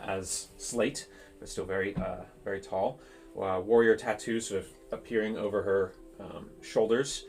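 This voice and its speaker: A man narrating a tabletop game as game master, speaking haltingly with many pauses and fillers. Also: fairly low pitch. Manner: halting, full of ums and uhs.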